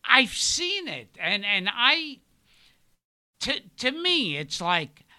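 Older guy guest, super sharp bright voice, slow and stop-start, swoops up and down a lot. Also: extremely high pitch, sing-song. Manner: halting, repeats words, tells anecdotes. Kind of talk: casual storytelling chat.

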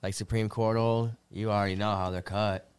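A young man trading teasing, quick jabs on a casual podcast. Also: fairly low pitch, little pitch movement, smooth, dry recording, clean studio sound. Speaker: podcast co-host.

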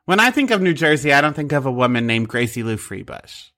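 A woman's voice: rumbling low, sing-song, fast, fairly bright tone. A woman co-hosting a podcast in casual chat, giggly and self-mocking. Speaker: podcast co-host.

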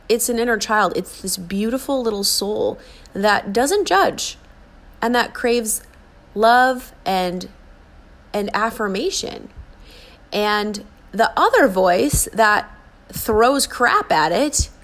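A woman's voice: fairly high pitch, animated, slow pace, fairly bright tone. An earnest woman in her forties talks straight to the listener about self-worth. She coaxes and encourages, and slips into little acted voices to show how we speak to ourselves. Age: 40s. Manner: earnest, coaxing, acts out inner voices. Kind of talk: motivational monologue.

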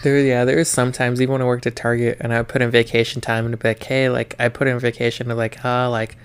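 A young man with a smooth, resonant voice chats casually on a podcast. He tells stories about work with plenty of profanity and acts out his arguments with managers. His pitch sits in the middle range. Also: level tone, quick pace. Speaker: podcast co-host. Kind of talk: casual chat.

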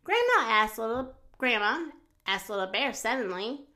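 A woman reading a children's picture book aloud in a slow, expressive way. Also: on the high side.

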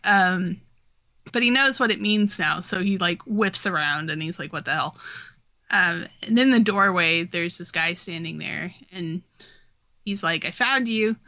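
A woman co-hosting a podcast, retelling a comic story in casual chat, animated and quick to voice the characters, laughing often. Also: on the low side, dry recording. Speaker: podcast co-host.

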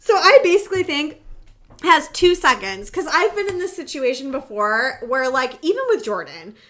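A woman's voice: sits high, big pitch swings, normal speed, bright, forceful tone. A young woman co-hosting a podcast, chatting casually with many "like" fillers. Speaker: podcast co-host. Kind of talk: casual chat.

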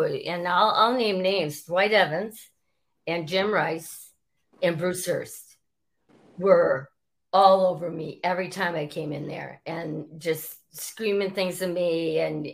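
A woman, a former sports reporter telling stories as an interview guest and acting out quotes as she goes. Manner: animated, acts out quotes with rising pitch. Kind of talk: storytelling interview.

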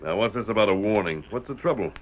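A man plays a calm, commanding masked hero in a vintage radio western. His voice is low and firm, each line measured and clipped. Faint hiss sits under a dull old sound. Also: close to an everyday voice.

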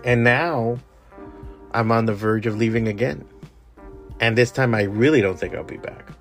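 A man's voice: medium pitch, moderate pace, soft background music. A man from Miami hosting a solo podcast, ranting bluntly with lots of swearing and exasperation. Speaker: podcast host. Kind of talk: casual solo podcast rant.

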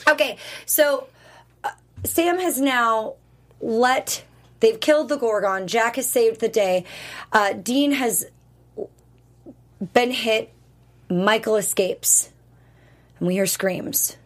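A woman co-hosting a TV recap show, chatting casually and retelling scenes with quick enthusiasm. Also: fairly high pitch.

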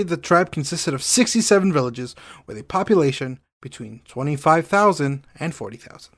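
A man's voice: a little high, lively intonation, normal speed, hardly any pauses, fairly bright tone. Playful, irreverent man co-host. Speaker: podcast co-host. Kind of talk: comedic banter and scripted narration.

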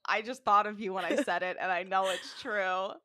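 A woman co-hosting a casual rewatch podcast, riffing with quick jokes and bits. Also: medium pitch, steady tone, sharp tone, dry recording, studio quality. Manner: jokey, quick riffs and bits. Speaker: podcast co-host.

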